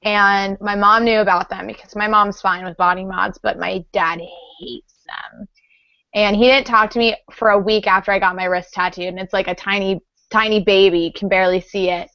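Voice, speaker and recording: A woman's voice: mid-range voice, fairly even intonation, moderate pace, pushed and bright, no room sound. A woman co-hosting a casual chat, blunt and profane with dry humor. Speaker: panel co-host. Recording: dry dull lo-fi stream audio.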